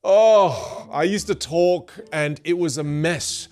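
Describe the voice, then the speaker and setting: A man coaching on clear speaking, with a lively delivery that often slows down for emphasis. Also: on the high side, faint music behind. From grew up in a Vietnamese and Chinese culture. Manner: animated, demonstrates rambling and fast talk on purpose. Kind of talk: motivational speaking lesson.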